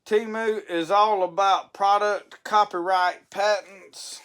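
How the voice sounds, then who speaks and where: Guy chatting on a live stream, high-ish voice, rambly and folksy, stumbles over his words. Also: fairly even intonation, takes it slowly, fairly bright tone, smooth. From Mississippi. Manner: rambling, folksy, chuckling, stammering restarts. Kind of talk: casual live-stream chat.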